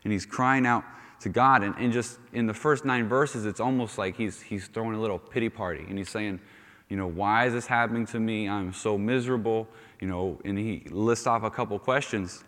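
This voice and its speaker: A man's voice: fairly low pitch, normal speed, fairly bright tone. A male youth pastor giving a conversational sermon, often restarting phrases and saying "you know". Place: church sanctuary. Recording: long reverb of a church hall.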